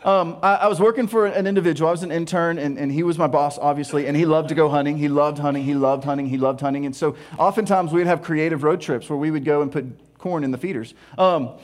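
A male pastor preaching a sermon in an animated, storytelling way, laughing at himself along the way. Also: fairly high pitch, fast, few pauses.

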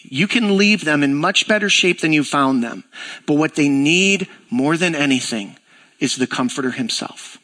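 Bright-voiced man preaching a conversational sermon. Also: fairly high pitch, normal speed. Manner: conversational, animated storytelling with acted-out dialogue. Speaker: pastor. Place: church.

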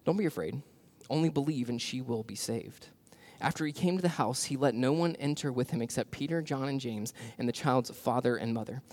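A pastor preaching a sermon in a casual, conversational way, with slang and fillers. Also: male voice, mid-range voice, darkish tone.

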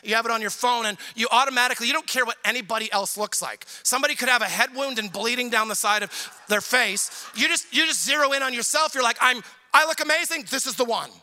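High, bright-voiced male pastor preaching. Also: quick pace, slight background noise. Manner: animated, humorous preaching with acted-out quotes. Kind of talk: sermon. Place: church service in front of a congregation.

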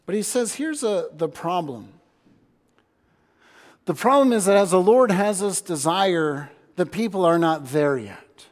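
Man preaching, earnest, restarts often, fairly high voice, long hall reverb. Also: lively intonation, measured pace. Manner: earnest, repeats words as he restarts, shifts loudness for emphasis. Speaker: pastor. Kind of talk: sermon.

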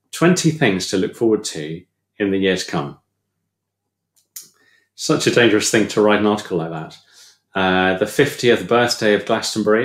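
A man giving a sermon in a relaxed, chatty way, hesitant with lots of ums and self-deprecating humour. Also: on the low side. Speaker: preacher. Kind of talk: casual talk in a church sermon. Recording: echoey room.

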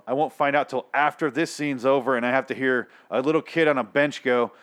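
A man's voice: mid-range voice, fairly even intonation, brisk, few pauses, fairly bright tone. Exasperated, foul-mouthed man ranting. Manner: heavy swearing, exasperated and sarcastic. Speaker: show host reviewing a TV episode. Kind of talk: ranting episode review.

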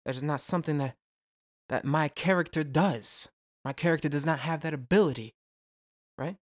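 A young man hosting a solo podcast, talking fast and casually with a lot of swearing, rambling off on tangents and throwing in self-mocking jokes. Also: on the high side. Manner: rambling, profane, goes off on tangents; jokey, self-mocking asides. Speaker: podcast host.

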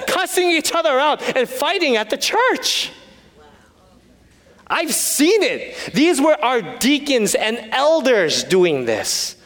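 A man's voice: very high-pitched, a bit bright, big-room sound. A man preaching a sermon, telling stories with humor and then turning earnest. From United States. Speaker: pastor.

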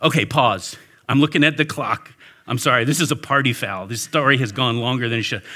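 A man, a pastor, telling a lively story to a church audience and talking back and forth with them. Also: medium pitch, a little fast. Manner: animated storyteller, talks with the audience. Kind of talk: storytelling sermon. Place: warm indoor church hall with an audience.

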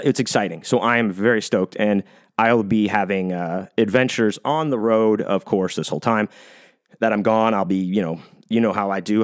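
A man hosting a podcast on his own, talking casually and rambling, with lots of swearing and fillers. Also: lowish voice. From United States. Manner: rambling, profane, many fillers and restarts. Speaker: podcast host. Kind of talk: casual solo podcast monologue.

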